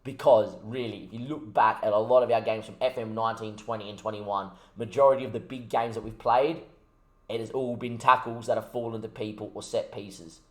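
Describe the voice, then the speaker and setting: A man's voice: fairly low pitch, fairly even intonation, a little fast, reverberant. A young man ranting about a football management game, swearing heavily as he commentates his gameplay. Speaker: gaming YouTuber.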